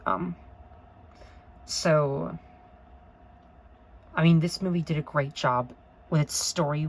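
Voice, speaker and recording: Very low-voiced woman, earnest vlogger. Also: poor audio. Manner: earnest, rambling, apologetic; emotional, gushing. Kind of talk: unscripted review vlog.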